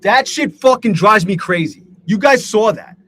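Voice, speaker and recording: Man, high voice, live trading stream host, profane, exasperated ranting. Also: lively intonation, normal speed, a bit bright. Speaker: livestream host and day trader. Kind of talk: live trading commentary to chat.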